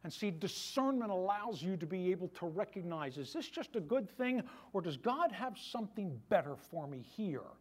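A man pastor delivering a sermon in a conversational preaching style, with humorous asides to the congregation. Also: high voice.

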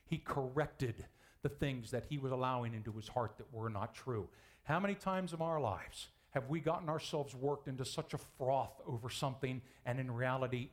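A male pastor preaching a sermon to his church, animated and acting out the voices he quotes. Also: mid-range voice. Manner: animated, acts out quoted voices, chuckles often.

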